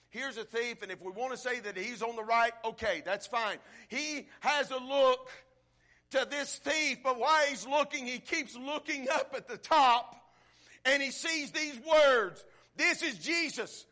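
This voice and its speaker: High bright preacher building to shouts. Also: male voice. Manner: swings from hushed to shouting, rhythmic build-ups; addresses the congregation directly. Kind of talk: sermon.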